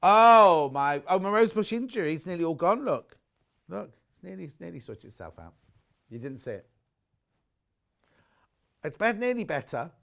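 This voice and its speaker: A man presenting on a live shopping channel, chatting warmly about fabrics and reading out viewer messages. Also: on the high side, sing-song, moderate pace, creaky, long pauses. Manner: chatty, gushing over products, reads viewer messages aloud. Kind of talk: live TV sales chat. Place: TV studio.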